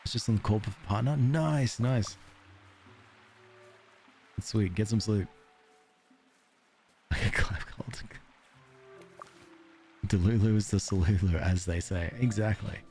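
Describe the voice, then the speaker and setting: A man's voice: fairly low pitch, measured pace, long pauses, a little mellow, faint music behind. A man with an Australian accent streaming a game, chatting casually with viewers in a joking, self-deprecating way and laughing often.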